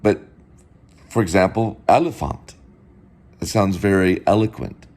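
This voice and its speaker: A man's voice: fairly low pitch, animated, measured pace. A man hosting a casual home video, lecturing and drilling the same words over and over. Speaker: show host.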